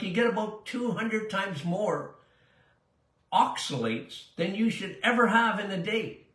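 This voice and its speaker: A man's voice: high voice, a bit bright, echoey room. An older man, a doctor answering listener questions in a chatty, emphatic way that drifts into tangents. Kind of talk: casual call-in style Q&A monologue.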